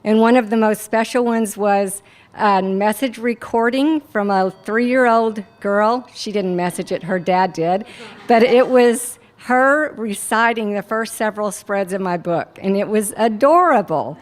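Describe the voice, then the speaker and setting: A woman's voice: medium pitch, unhurried. A woman author giving an earnest, grateful acceptance speech for a book award.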